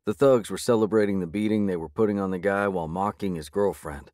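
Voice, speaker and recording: A man reading a first-person audiobook in a measured, gritty way. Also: low-pitched, a little mellow, no room sound, studio quality. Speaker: audiobook narrator.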